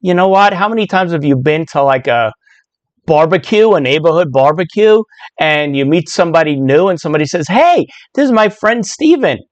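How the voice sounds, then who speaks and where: A woman in her sixties with a low voice register, telling a personal story in a loose, chatty way full of asides. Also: fairly quick, no room sound, lo-fi sound. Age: 60s. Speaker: speaker sharing a personal story. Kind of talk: casual storytelling monologue.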